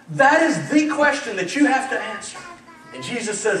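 A man preaching a lively sermon, acting out dialogue and getting fired up as he speaks. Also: high voice, normal speed, a little hiss or hum. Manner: animated, acts out dialogue, gets fired up. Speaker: pastor. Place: church sanctuary. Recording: echoey church sanctuary, mic at a distance.

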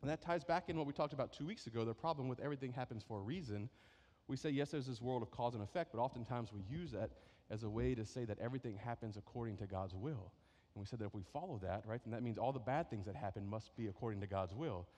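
A man's voice: medium pitch, fast, mellow. A man preaching a sermon as pastor, in a conversational way that keeps checking in with "right?". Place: church sanctuary. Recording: echoey hall reverb.

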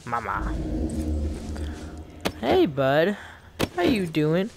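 A man commenting on his own gameplay, excitable and quick to yelp and laugh at scares. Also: a little high, creaky. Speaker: gamer. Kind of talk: let's play commentary. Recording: game sounds and noise behind.

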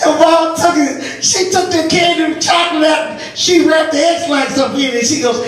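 High-voiced woman preaching in echo. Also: steady tone, normal speed, hardly any pauses. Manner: storytelling with laughter, rising to shouts. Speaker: pastor. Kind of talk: sermon. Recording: echoey church audio from far off.

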